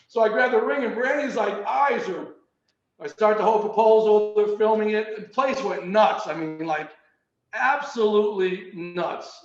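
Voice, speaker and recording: A man casually telling a personal story on a video call, animated and repeating words as he goes. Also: sits high. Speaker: meeting participant. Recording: roomy, muffled video call audio.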